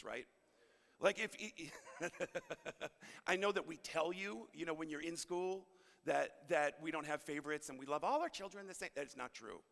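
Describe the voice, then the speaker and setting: Gravelly-voiced pastor in a big hall. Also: male voice, high voice, sharp tone. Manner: candid, conversational, frequent fillers. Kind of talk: sermon. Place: church hall. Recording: long hall reverb.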